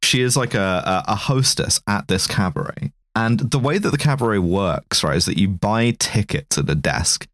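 A man's voice: fairly low pitch, lively intonation, normal speed, hardly any pauses, fairly bright tone, no room sound. A man co-hosting a casual film review chat, rambling and wry with plenty of filler words. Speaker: podcast co-host.

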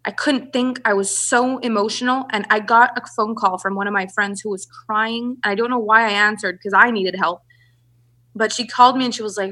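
A woman's voice: on the high side, steady tone, a little fast, bright, forceful tone. A woman, a relationship and business coach, telling her story as a podcast guest and acting out the voices of people she quotes.

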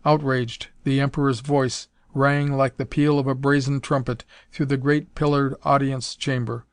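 A man narrates an adventure story in a measured, even way at a middle pitch. His reading is steady and unhurried. The recording is dry, with no room sound. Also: clear, resonant tone, no room sound. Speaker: audiobook narrator. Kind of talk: scripted narration.

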